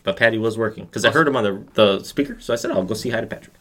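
A man's voice: fairly low pitch, racing, a bit bright. A man on a casual podcast with friends, telling stories and teasing the others dryly. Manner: teasing, dry storytelling. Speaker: podcast co-host. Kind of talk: casual chat among friends.

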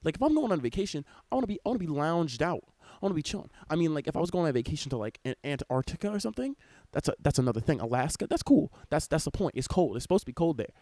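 A young man hosting a podcast, rambling excitably and swearing freely as he records in public on a cruise ship. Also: a little high, very fast, dry recording, studio quality. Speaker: podcast host. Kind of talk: casual podcast chat. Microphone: wearing headphones, laptop recording.

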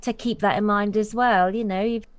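A woman's voice: mid-range voice, fairly even intonation, normal speed, smooth. Plain-spoken middle-aged woman. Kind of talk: casual chat.

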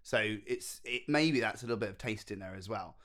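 A man co-hosting a casual podcast chat, retelling and critiquing a TV episode in a rambling, animated way. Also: lowish voice, brisk. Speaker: podcast co-host.

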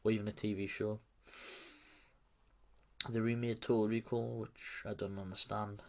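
A man's voice: on the low side, little pitch movement, normal speed, creaky, darkish tone. A man giving a loose, chatty film recap, laughing and swearing as he goes. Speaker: film reviewer.

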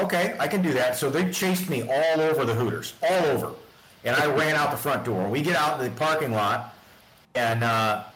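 A man's voice: on the high side, a bit bright. A man telling rambling stories in casual chat, often laughing and acting out the dialogue. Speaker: podcast guest, storyteller. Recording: echoey room.

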